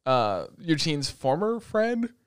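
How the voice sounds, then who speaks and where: Excitable, profane podcast host. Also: male voice, on the high side, takes it slowly, clear, resonant tone, dry recording, studio quality. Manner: excitable, profane, laughs often. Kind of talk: casual anime review chat. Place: at home, talking over Discord.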